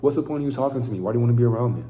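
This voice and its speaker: A man's voice: medium pitch, very fast, warm tone, reverberant. A man giving an intense, profane, preaching monologue to camera as a vlogger.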